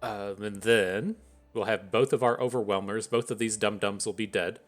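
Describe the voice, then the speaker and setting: A man giving casual commentary on his own card game as a streamer, thinking out loud in an analytical, wry way. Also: on the low side, fairly even intonation, normal speed, soft background music.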